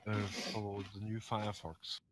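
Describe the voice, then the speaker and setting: A man co-hosting a casual chat, wordy and hedging, who breaks into loud laughter. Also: lowish voice, completely flat delivery, moderate pace. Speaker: podcast co-host.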